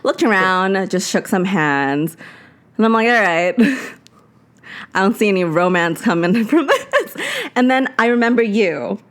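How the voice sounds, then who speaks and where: A woman's voice: mid-range voice, animated, measured pace. A young woman co-hosting a podcast, telling a story in casual chat, full of fillers and frequent laughter. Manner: chatty storyteller, laughs often, lots of "like". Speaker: podcast co-host.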